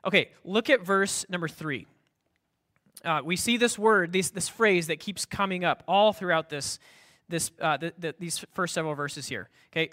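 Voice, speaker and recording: A man's voice: sits high, moderate pace, bright, forceful tone. A man preaching a sermon in a conversational way, with many fillers and restarts. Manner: mocking voice for the proud scribes. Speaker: pastor.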